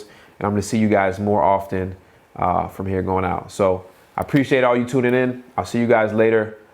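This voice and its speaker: A man with a Boston accent hosting a live Q&A stream, talking up an upcoming event in a hyped, repetitive way with quick restarts. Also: on the low side, darkish tone. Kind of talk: casual live-stream promotion.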